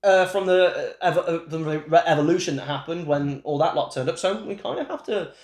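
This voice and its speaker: A man's voice: fairly high pitch, fairly quick. A man co-hosting a casual wrestling chat, opinionated and leading each segment as he asks his co-host for scores. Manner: animated, opinionated, leads the segments. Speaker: podcast co-host. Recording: echoey room.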